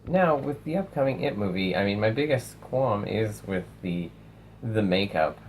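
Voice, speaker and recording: A young man casually reviewing films, animated, swearing and acting out lines from movies. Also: on the low side, moderate pace, slight background noise, low-quality recording. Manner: animated, swears, acts out quotes. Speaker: film reviewer.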